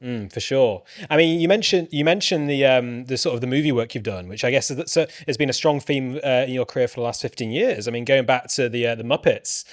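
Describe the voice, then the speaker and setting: A man's voice: medium pitch, brisk, hardly any pauses, dry recording, studio quality. A man hosting a podcast interview, asking long, rambling questions in a friendly, casual way. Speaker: podcast host.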